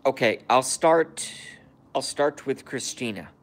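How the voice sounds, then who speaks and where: A man's voice: mid-range voice, animated, takes it slowly. A man casually chatting on a live stream, grumbling and cursing at himself. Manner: profane, self-deprecating grumbling. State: hiccups.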